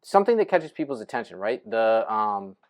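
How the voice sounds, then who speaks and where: A young adult man giving a casual screen-share lesson on writing posts, thinking aloud as he types and punctuating steps with "right?" and "boom.". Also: sing-song, brisk. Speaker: real estate investing coach.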